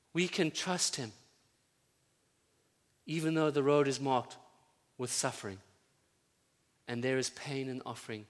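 A pastor preaching a sermon to his congregation, building to loud fervent peaks and then dropping to quiet, tender prayer. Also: mid-range voice, fairly even intonation, a little slow, pauses often. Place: church. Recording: church sound with long reverb.

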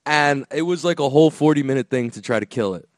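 A man's voice: medium pitch, quick pace, no echo, studio quality. Rambling young-sounding man on a video call. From Hispanic family, US. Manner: rambling, swears a lot, frequent restarts. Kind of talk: casual chat.

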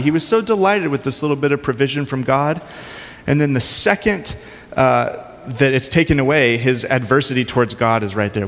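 A man's voice: mid-range voice, long reverb tail. A man preaching a sermon in a conversational way, with casual asides. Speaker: pastor.

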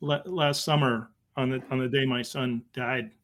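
A man, telling a personal story as a guest, halting and emotional with many restarts. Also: mid-range voice, steady tone, fairly bright tone. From Boston area. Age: 50s. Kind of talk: conversational storytelling.

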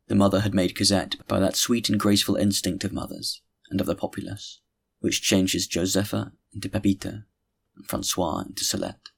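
A man narrating a classic novel as an audiobook reader, reading in a measured, deliberate way. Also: fairly low pitch, creaky, fairly bright tone, slightly rough.

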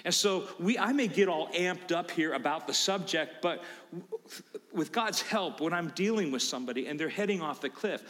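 A man preaching a sermon as pastor, emphatic, swinging from low asides to loud preaching. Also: lively intonation, moderate pace, long reverb tail.

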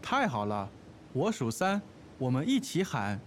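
A man's voice: medium pitch, wildly swooping pitch, unhurried, slight background noise. A man voicing an eager young male cheerleader in a recorded lesson dialogue, chanting energetically. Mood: cheering.

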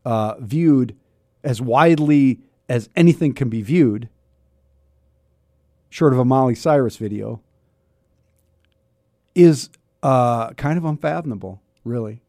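A man's voice: medium pitch, takes it slowly, pauses often, darkish tone, dry recording. A talk radio host in his fifties speaks in a loose, wry, rambling way, often restarting his sentences. His throat is a bit scratchy. The studio sound is close and dry. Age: 50s. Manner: chatty, self-interrupting, wry. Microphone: studio microphone.

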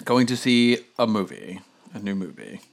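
A man telling a casual story on a podcast, rambling with lots of fillers and animated retellings. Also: fairly low pitch, normal speed, vocal fry. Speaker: podcast host.

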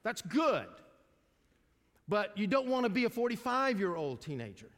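An older male pastor delivers a folksy sermon, turning to the congregation with questions. His voice sits high for a man. The sound carries the long reverb of a large church hall. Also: big pitch swings, normal speed, a bit bright.

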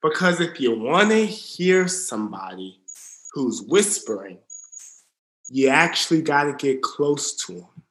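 A man preaching in an earnest sermon style, dropping to a hush for emphasis. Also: fairly high pitch, big pitch swings, a little slow. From Southern US. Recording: roomy echo.

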